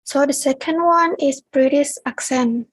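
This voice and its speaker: A young Indonesian woman with an Indonesian accent reads a prepared class presentation aloud as a student, at an unhurried pace. Her voice is high-pitched, and the recording is dry with poor audio.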